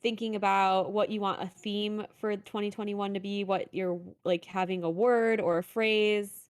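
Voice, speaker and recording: A woman's voice: medium pitch, flat delivery, moderate pace, clear, resonant tone. A woman co-hosting a podcast, giving earnest, encouraging advice in a casual chat. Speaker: podcast co-host.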